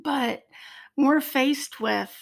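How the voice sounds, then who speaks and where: A middle-aged woman with a slightly high voice tells a personal story in an earnest, halting way, pausing often on fillers. She speaks with heartfelt emotion in a relaxed conversation. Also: creaky. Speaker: podcast guest.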